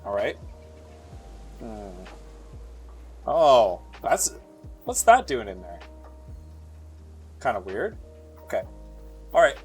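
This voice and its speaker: A man with a Canadian accent giving casual, rambling live commentary as he plays a strategy game, often pausing on filler words. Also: medium pitch, sing-song, a little mellow, soft background music. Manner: rambling, thinking aloud with frequent filler pauses. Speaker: streamer.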